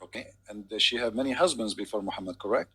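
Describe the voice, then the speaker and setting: Insistent male debater with a bright, husky, gravelly voice who lectures and keeps cutting in. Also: fairly low pitch, lively intonation, fast, poor audio. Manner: insistent, repeats "my friend". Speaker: debate host. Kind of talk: heated online debate.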